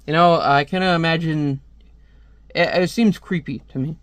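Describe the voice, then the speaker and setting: A man's voice: a little high, moderate pace, a bit bright, clear, resonant tone, dry recording. Jokey man reading comics aloud. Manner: jokey, giggly, jumps into character voices. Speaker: comic book reviewer. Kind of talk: casual comic read-aloud with silly voices.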